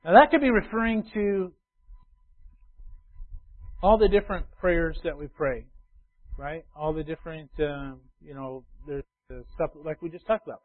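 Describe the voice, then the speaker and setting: A male pastor preaching a sermon, emphatic and repetitive, swinging from loud urging to quiet asides. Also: on the high side. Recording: tinny phone-like sound.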